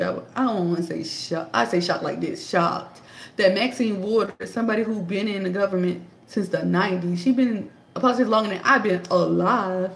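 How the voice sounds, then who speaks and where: A woman's voice: medium pitch, creaky, a little mellow. A woman in her thirties giving casual political commentary into a tablet, emphatic and sarcastic, firing off rhetorical questions. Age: 30s. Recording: echoey room.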